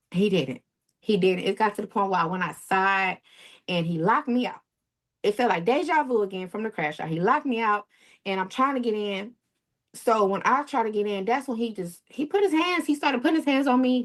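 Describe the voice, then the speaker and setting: A woman's voice: medium pitch, fairly quick. Woman, interview guest, emotional personal account, acts out quotes. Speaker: interview guest telling her story.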